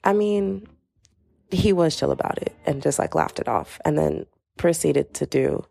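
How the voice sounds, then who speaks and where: A woman's voice: low-pitched, sing-song, measured pace, vocal fry, warm tone, no room sound, studio quality. A young woman hosting a casual solo podcast from home, rambling through a dramatic story in slangy speech. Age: young adult. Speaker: podcast host. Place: home, bedroom.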